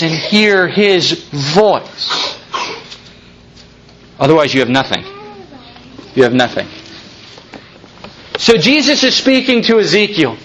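Bright, high-voiced male preacher. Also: slight background noise. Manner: impassioned preaching with slow drawn-out emphasis and hushed low phrases. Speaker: pastor. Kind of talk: sermon.

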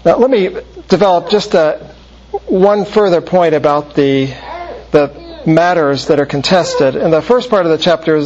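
A man preaching in a measured, explanatory way, often pausing mid-phrase as he works through a Bible passage. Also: fairly high pitch, a little mellow. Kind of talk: expository Bible teaching. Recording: muffled lo-fi recording.

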